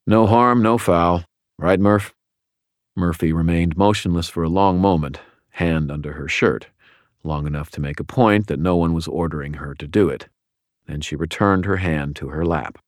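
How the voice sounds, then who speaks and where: A man narrates a first-person audiobook with wry, dry timing. His voice is very low. The booth recording is dry and close. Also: normal speed, a little mellow, dry recording.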